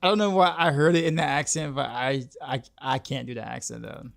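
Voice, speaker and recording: Guy streaming a game, mid-pitched gravelly voice, rambly and full of "like"s. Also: fairly even intonation, a little fast. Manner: rambling, many "like" fillers and repeats. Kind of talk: casual livestream chat while gaming.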